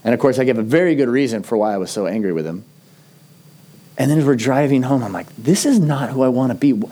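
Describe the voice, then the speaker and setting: A middle-aged man delivers a sermon in a relaxed, mellow voice of ordinary pitch. He speaks earnestly and conversationally, leaning into personal stories and slowing down to stress his main points. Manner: earnest, conversational storytelling with slow emphatic phrases. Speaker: pastor.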